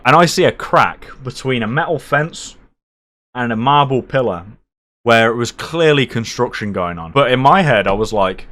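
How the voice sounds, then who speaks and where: A young man telling a night-out story casually, animated, swearing and poking fun at himself. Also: medium pitch, brisk. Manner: animated, swearing, self-mocking.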